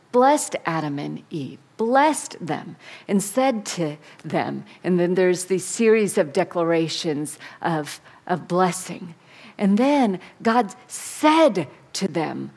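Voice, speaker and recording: A woman pastor preaching a sermon, dramatic and swinging between soft and emphatic. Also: fairly low pitch, slightly rough.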